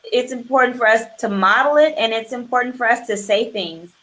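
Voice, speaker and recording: A woman in her forties who hosts a talk show and tells animated stories, acting out the voices she quotes. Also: on the high side, brisk. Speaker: host. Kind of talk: casual conversation.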